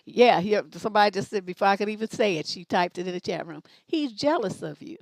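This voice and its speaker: A woman's voice: mid-range voice, no echo. Woman advice host, blunt and emphatic, casual, dry close sound. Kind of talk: live advice show, casual talk.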